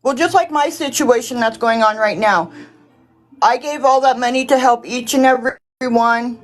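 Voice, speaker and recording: A woman with a fairly high voice defends herself insistently and sounds aggrieved. Faint music plays behind her. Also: normal speed, rough recording. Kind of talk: emotional defensive monologue.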